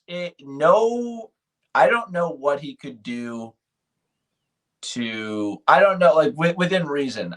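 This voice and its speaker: A man co-hosting a podcast, telling stories in a casual, animated way with hesitant restarts. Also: mid-range voice. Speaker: podcast co-host. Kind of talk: casual chat.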